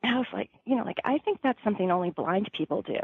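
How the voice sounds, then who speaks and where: Chatty husky woman, dry dull recording. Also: medium pitch, animated, quick pace. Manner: chatty, full of "like" and "you know" fillers. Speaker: guest. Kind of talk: telling her life story.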